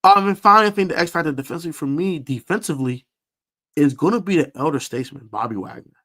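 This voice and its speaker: Animated man hyping football picks. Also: fairly high pitch, quick pace. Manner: emphatic, animated sports talk with fillers and repeats. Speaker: sports podcast host. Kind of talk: live stream football preview.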